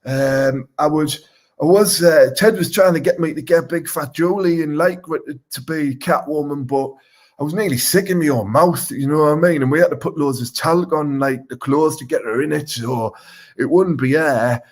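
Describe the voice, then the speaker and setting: A man's voice: a little high, normal speed, close to an everyday voice. A man with a Teesside accent playing a crude, boastful local superhero wannabe, rambling and swearing through a live comedy Q&A. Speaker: comic superhero character.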